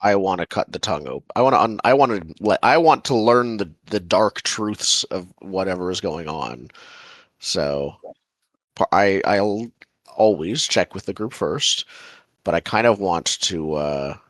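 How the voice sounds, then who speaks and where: A man playing in a tabletop game, thinking aloud in a halting, casual way. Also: low-pitched, expressive, dry recording. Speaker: player.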